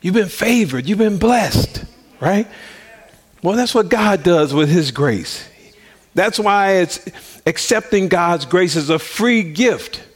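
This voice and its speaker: Animated male radio preacher. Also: takes it slowly. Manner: animated, laughs often, swings pitch widely. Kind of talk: preaching with personal storytelling.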